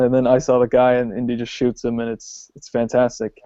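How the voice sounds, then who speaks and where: A man co-hosting a podcast, talking casually about films with many pauses and ums. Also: medium pitch. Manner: relaxed, hesitant with many ums. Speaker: podcast co-host. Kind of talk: casual film discussion. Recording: dull lo-fi podcast audio.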